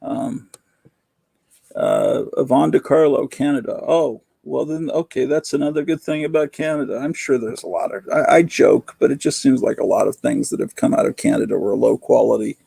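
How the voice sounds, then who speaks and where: A man hosts a casual live stream, rambling as he reads out viewer comments. His voice is heavily gravelly and husky, with a dark, mellow tone. The sound is dry and close. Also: medium pitch, normal speed, no echo. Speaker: host.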